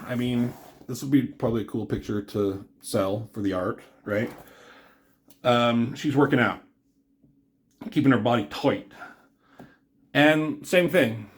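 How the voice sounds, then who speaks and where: Male comic reviewer, mid-pitch, loose filler-heavy recap. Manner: rambling, filler-heavy, paraphrasing dialogue.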